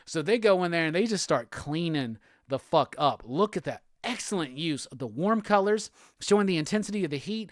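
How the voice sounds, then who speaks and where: A male podcast host recapping a comic book in a casual, excitable way, swearing freely. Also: a little high, dry recording, clean studio sound. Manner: profane, excitable storytelling.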